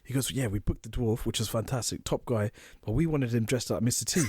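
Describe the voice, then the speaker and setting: A man co-hosting a podcast, telling animated stories and laughing often. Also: medium pitch, a little fast, hardly any pauses, slightly rough. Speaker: podcast co-host. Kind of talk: casual chat.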